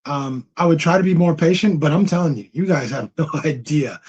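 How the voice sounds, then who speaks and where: A blunt, husky-voiced man chats on a live Q&A stream and repeats himself to drive a point home. His breathy voice comes through dull, lo-fi stream audio. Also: fairly high pitch, brisk, darkish tone. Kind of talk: casual live-stream chat.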